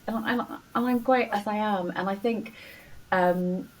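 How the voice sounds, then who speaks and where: A woman's voice: medium pitch, moderate pace, recorded from a distance, poor audio. Earnest woman guest, slightly off-mic. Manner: earnest, encouraging, many "you know" fillers. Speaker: doctor and coach, podcast guest. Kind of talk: warm interview conversation. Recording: faint noise, voice a bit off-mic.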